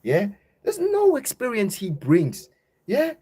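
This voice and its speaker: A young man hosting casual football banter, ranting loudly and animatedly, packing his talk with slang and repeated "bro". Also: high voice, wildly swooping pitch, slow pace, slightly rough. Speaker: football channel host.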